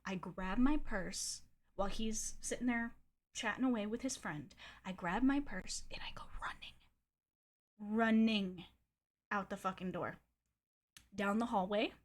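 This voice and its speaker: A young woman streamer telling a long personal story in a casual, animated way, acting out quotes and swearing freely. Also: medium pitch.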